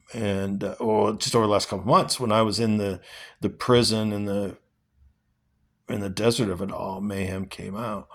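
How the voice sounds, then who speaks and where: A man reading a passage aloud, then reflecting on it in an earnest, rambling way. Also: on the low side. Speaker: vlogger.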